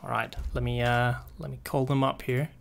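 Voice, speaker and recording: A man's voice: medium pitch, level tone, normal speed, vocal fry, clean tone. A young man hosting a gaming tournament stream, chatting casually and rambling with frequent swearing and fillers. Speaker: tournament organizer and stream host. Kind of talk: casual livestream chat.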